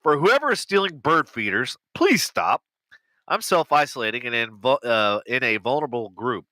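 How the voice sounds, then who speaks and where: Guy reading posts on a podcast, bright crisp voice, cusses a lot. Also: mid-range voice, lively intonation, a little fast, no room sound. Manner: swears freely and laughs while reading. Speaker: podcast co-host. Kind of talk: casual chat, reading out news and posts.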